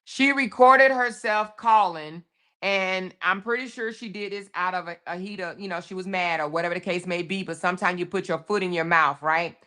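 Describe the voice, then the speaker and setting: Emphatic woman host with a bright, forceful voice. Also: lowish voice, moderate pace. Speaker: commentary show host. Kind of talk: casual commentary on a viral video.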